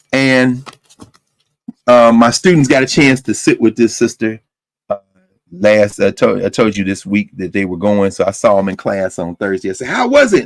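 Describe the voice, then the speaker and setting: A man lecturing to a university class, talking in a lively, conversational way with frequent asides to his students. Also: lowish voice, dry recording. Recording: dry close sound.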